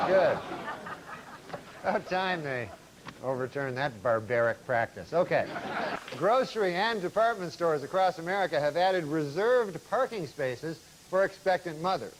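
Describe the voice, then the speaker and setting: A man telling jokes in a deadpan, rambling way, now and then chuckling at his own lines. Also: fairly high pitch, unhurried, a crowd in the background, background noise. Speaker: comedian. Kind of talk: deadpan news jokes and talk-show storytelling.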